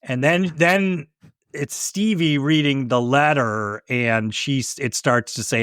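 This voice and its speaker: A man co-hosting a podcast, calmly walking through a film's scenes one by one. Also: mid-range voice, slow pace, smooth, dry recording, studio quality. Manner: relaxed, recaps scenes step by step. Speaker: podcast co-host. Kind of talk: casual film discussion.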